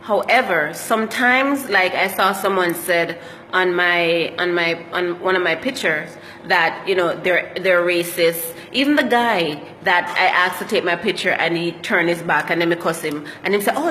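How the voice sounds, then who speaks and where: Bright-voiced Jamaican woman vlogger. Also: lowish voice, moderate pace, in a large hall, slight background noise. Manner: slips into Jamaican patois while telling stories. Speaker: travel vlogger. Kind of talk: casual storytelling vlog.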